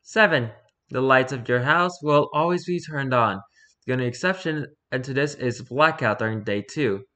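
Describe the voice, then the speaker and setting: A man reading a rules-style horror story aloud for his channel, lively, with occasional stumbles and restarts. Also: mid-range voice. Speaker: YouTuber reading horror stories.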